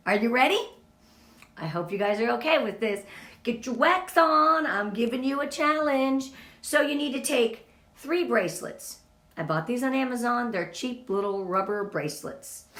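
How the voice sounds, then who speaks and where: Earnest motivational woman in an echoey room. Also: on the high side. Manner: earnest and emotional, speaks to the group directly. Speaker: team leader giving a motivational talk. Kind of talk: casual motivational talk.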